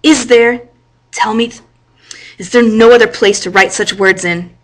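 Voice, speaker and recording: A man's voice: high voice, moderate pace, fairly bright tone. A woman reading as a scolding wine-shop keeper. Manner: scolding, incredulous questions. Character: gruff male French wine-shop keeper.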